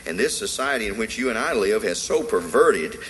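A man's voice: on the low side, animated, fairly quick, a bit bright, faint music behind, rough recording. A man preaching a sermon in a church service, emphatic and repetitive in a preacherly way. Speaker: pastor.

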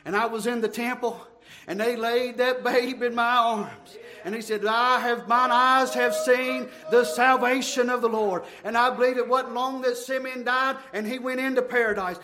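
A man preaching a fervent sermon, shouting in bursts and running out of breath. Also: extremely high pitch.

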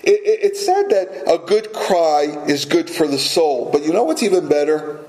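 A man preaching a sermon as pastor, deliberate and emphatic, repeating words for weight. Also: fairly high pitch, big pitch swings, darkish tone, reverberant, low-quality recording.

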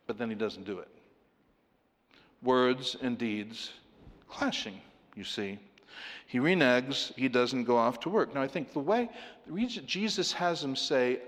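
A man preaching a sermon, animated and playful, acting out the voices of people in his story with laughs. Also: medium pitch. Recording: long hall reverb.

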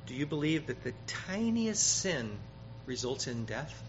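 A man preaching a sermon, emphatic, growing loud when he quotes scripture and often repeating words. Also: medium pitch, very animated, measured pace. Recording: dull, slightly noisy sermon recording.

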